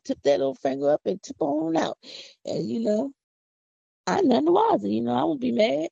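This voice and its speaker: A middle-aged woman hosts her own podcast, chatting about faith in a down-to-earth, preachy way. Her voice is heavily gravelly and mellow, with a husky edge. The recording is dry and dull, like a lo-fi home setup. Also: on the high side, big pitch swings, fairly quick, dry recording. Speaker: podcast host. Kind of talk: casual faith talk monologue.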